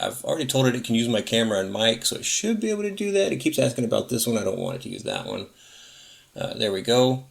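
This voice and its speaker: A man hosting a tech tutorial, casually narrating each step of a software setup and correcting himself as he goes. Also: mid-range voice, gravelly. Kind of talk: screen-recorded software walkthrough.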